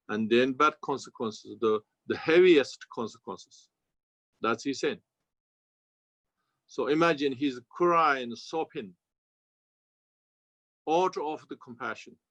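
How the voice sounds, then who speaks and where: A man with a Tibetan accent, a Buddhist teacher giving a slow, halting dharma commentary in non-native English. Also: mid-range voice, dry recording. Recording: dull, lo-fi sound.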